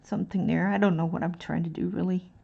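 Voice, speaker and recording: A woman's voice: lowish voice, fairly even intonation, fast talker, vocal fry, dark tone, husky, muffled recording. A woman chatting casually on an art live stream, rambling and thinking aloud as she colors. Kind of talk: casual chat while coloring.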